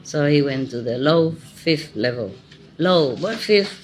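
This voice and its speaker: A woman's voice: low voice, animated, takes it slowly, soft background music. A middle-aged woman giving an informal spiritual talk, chatty and laughing often as she tells stories in simple non-native English. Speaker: spiritual teacher.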